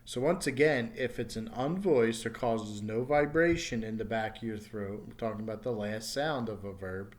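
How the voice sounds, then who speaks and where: A man's voice: on the low side, moderate pace, few pauses. A man teaching an English pronunciation lesson, speaking carefully and repeating each sound for learners. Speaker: ESL teacher.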